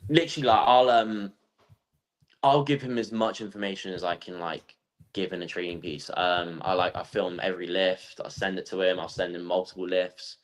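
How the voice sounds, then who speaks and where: A young man, a guest athlete, chatting casually and telling animated stories with lots of ums and likes. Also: low-pitched, moderate pace, low-quality recording. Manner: animated storytelling, acts out quotes; lots of fillers like um and like. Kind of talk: casual podcast chat.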